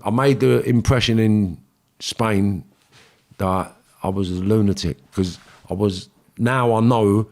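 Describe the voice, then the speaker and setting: A man's voice: lowish voice, slow, darkish tone. A middle-aged man with a London accent, a podcast guest telling stories in casual chat, blunt and full of swearing. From England. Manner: blunt, swearing, acts out quotes in raised voice.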